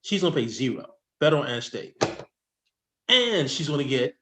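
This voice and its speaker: A man, a tax expert guest, explaining with slides in an excitable, rushing way that keeps interrupting itself. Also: mid-range voice, a little hiss or hum. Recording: echoey room.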